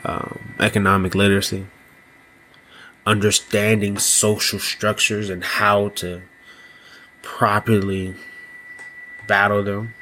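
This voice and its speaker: A man hosting a solo podcast, talking slowly and loosely, often asking "you know what I mean". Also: fairly low pitch, flat delivery, sharp tone, slight background noise. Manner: slow, thoughtful delivery with small laughs. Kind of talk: casual solo podcast monologue.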